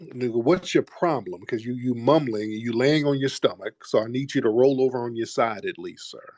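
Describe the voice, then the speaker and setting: A man's voice: mid-range voice, normal speed, a little mellow, dry recording. Blunt, confrontational talk-show host man. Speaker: host of a live call-in show. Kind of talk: heated casual talk.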